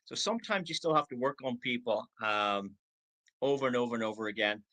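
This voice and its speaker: Older man, 60s, bright tone, motivational trainer on a video call. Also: medium pitch, fairly quick, low-quality recording. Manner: acts out prospects' replies in quoted voices. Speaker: network marketing trainer.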